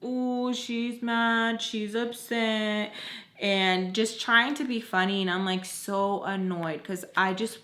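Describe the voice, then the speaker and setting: A woman's voice: mid-range voice, steady tone, takes it slowly, a bit bright. Young woman, casual storytime vlogger, blunt and sweary, echoey room. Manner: blunt, mouthy, swears freely.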